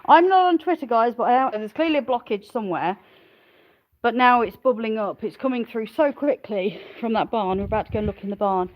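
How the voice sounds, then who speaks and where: An animated woman with a fairly high voice talks fairly quickly as she walks her farm, chatting to the camera, her animals and her viewers and laughing often. She's a smallholding farmer doing an outdoor vlog, and the recording has its highs cut off.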